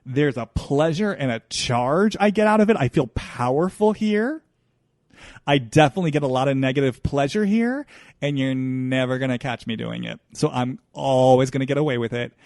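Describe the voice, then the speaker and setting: A man hosting a solo podcast, talking in an earnest, searching and halting way. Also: medium pitch, a little mellow, no echo, clean studio sound. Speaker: podcast host. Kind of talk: solo introspective podcast monologue.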